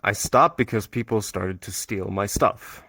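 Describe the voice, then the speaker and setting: A man who is a guest on a casual podcast, telling stories in a relaxed way with frequent fillers. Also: on the low side, a little slow, husky, no room sound. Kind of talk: casual chat.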